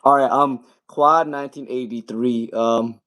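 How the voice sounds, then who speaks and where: A man reads tarot cards live for his viewers in an easygoing, chatty way. He keeps repeating viewers' names and questions as he works through the chat. His voice sits at an ordinary middle pitch. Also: steady tone, a little slow, a bit bright. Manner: casual, repeats names and questions, laughs often while reading chat. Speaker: tarot reader. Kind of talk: live-stream tarot readings.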